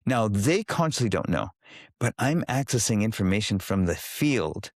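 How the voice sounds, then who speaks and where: A man, a guest on an interview podcast, explaining his work with lively storytelling and acting out what people say. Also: on the low side, moderate pace, no echo, clean studio sound. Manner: animated storytelling, acting out quoted voices.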